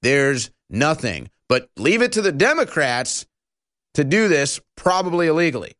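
A man's voice: fairly high pitch, sing-song, a little slow, a bit bright. A man hosting a talk radio show, delivering an emphatic, indignant monologue and repeating his phrases for effect.

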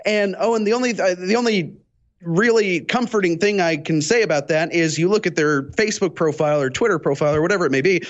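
Kansas guy on a talk show, fired up and ranting, highish voice, kinda muffled audio. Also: quick pace. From Kansas, USA. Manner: animated, indignant, rhetorical questions. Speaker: guest. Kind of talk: casual talk-show chat.

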